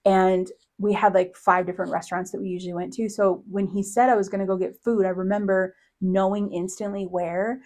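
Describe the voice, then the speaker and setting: A woman's voice: medium pitch, level tone, brisk, few pauses, a little mellow. A middle-aged woman hosting a podcast, telling a personal story in a casual, chatty way, laughing often and acting out quoted lines. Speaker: podcast host, psychic medium.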